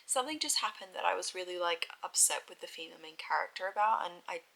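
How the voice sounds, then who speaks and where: A woman's voice: lowish voice, lively intonation, fast talker, creaky, sharp tone, low-quality recording. A young woman chatting frankly in a casual reading vlog, full of "like" fillers. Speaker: book vlogger.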